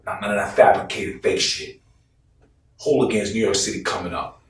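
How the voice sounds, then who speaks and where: A man's voice: low-pitched, moderate pace, a little hiss or hum. Blunt, cursing man, roomy and distant. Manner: blunt, profane, animated retelling with quoted voices. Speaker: interviewee, former team member. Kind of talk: casual interview storytelling. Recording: roomy echo, distant from the mic.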